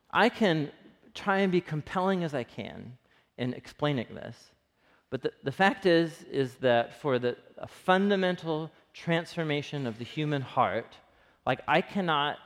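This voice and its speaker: Texan pastor, slightly high voice, chatty sermon, lots of hall reverb. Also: male voice. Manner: conversational, earnest, laughs often.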